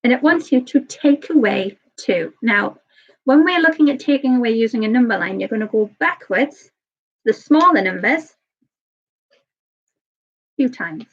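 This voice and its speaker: This woman's voice is a little high and expressive as she teaches young children maths in a live online class. An early years teacher, she stays patient yet sounds slightly nervous, speaking somewhat quickly and often asking "okay?". Audio quality is lo-fi and a touch dull.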